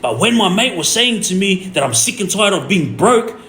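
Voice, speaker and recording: A man, hosting a podcast and casually telling a story in an animated way. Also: high-pitched, moderate pace. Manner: animated, retells conversations in quoted back-and-forth. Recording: roomy echo with faint ambience.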